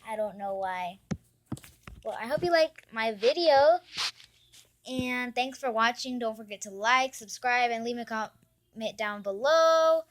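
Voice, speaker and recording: High-voiced, slow-talking woman vlogger. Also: background noise. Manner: chatty, mock-annoyed complaining. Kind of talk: casual spoof unboxing vlog.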